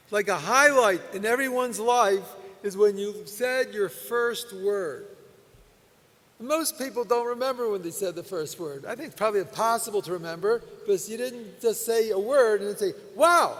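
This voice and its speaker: An older man, a rabbi, giving a Torah lecture at a convention in a folksy storytelling way. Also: sits high. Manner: folksy storytelling with soft laughs. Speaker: rabbi speaker. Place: convention hall. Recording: long hall reverb.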